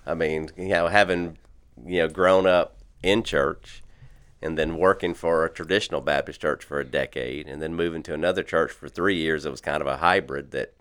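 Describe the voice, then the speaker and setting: A man who works on a church staff, talking in a calm, measured and reflective way in a casual conversation. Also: rumbling low, clear, resonant tone.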